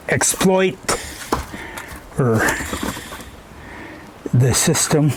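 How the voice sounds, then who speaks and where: A man's voice: on the high side, background noise. A Canadian man chatting casually in his woodshed as he stacks firewood, rambling in a folksy way and tagging "eh?" onto his sentences. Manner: rambling, folksy, ends phrases with "eh?". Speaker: vlogger.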